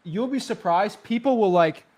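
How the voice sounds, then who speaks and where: An animated man in a loose chat, telling stories about deals and tossing out tips. His voice sits high for a man and runs light. He laughs easily as he talks. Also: moderate pace. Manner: animated storyteller, laughs while recounting. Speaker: real estate wholesaler, guest. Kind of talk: casual storytelling chat.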